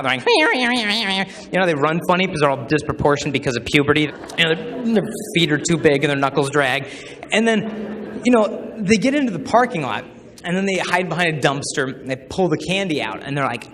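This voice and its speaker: A man giving a humorous public talk to students, telling stories with animated acted-out voices. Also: a little high, long reverb tail. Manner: animated storytelling, acts out voices. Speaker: chastity speaker.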